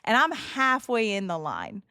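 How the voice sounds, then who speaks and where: A woman livestreamer chatting casually with her viewers, telling animated stories with lots of laughing and swearing. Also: mid-range voice, unhurried, dry recording, clean studio sound. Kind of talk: casual chat with stream viewers. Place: home streaming setup.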